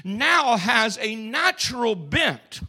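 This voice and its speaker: A man preaching in a church with a very high, gravelly voice that has a bright, forceful edge. He drives an emphatic call-and-response sermon, calling out to the congregation. He swings between shouting and dropping to hushed tones. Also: expressive, moderate pace. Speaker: pastor. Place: church sanctuary.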